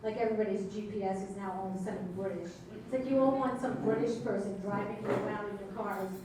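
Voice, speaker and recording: A woman's voice: mid-range voice, fast, warm tone, a little hiss or hum. A woman, emceeing stand-up comedy in a club with wry, teasing crowd work. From Brooklyn, New York. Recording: echoey club audio from far off.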